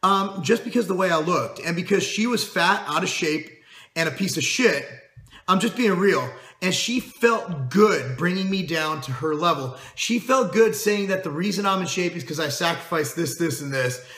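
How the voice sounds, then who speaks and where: A man's voice: high-pitched, animated, normal speed, a bit bright, roomy sound. A middle-aged man hosting a fitness channel, talking to camera in a blunt, emphatic and profane way. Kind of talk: casual monologue to camera.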